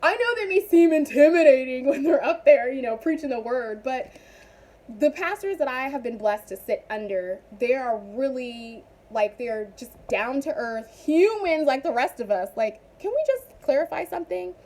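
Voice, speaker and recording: A young woman chatting casually in a vlog, animated and rambling with frequent asides. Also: high-pitched, normal speed. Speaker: vlogger.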